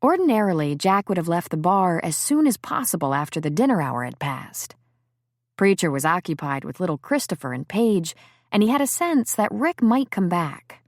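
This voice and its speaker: A woman narrating an audiobook in an expressive, storytelling manner. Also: lowish voice, moderate pace, no echo, studio quality.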